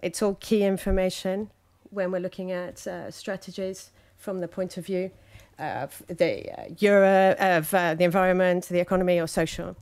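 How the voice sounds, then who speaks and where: A lower-pitched woman voicing a conference speech in live interpretation. She fills gaps with frequent ums and uhs and breaks her sentences into short, halting pieces. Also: fairly even intonation, a little mellow. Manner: hesitant, frequent fillers and halting phrases.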